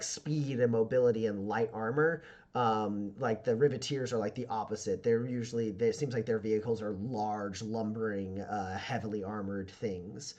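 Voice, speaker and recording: A man narrating a tabletop role-playing game as game master. His voice sits in a middle pitch, and he keeps stacking filler words and restarts as he describes the scene. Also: highs cut off. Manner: rambling, filler-heavy, full of "like".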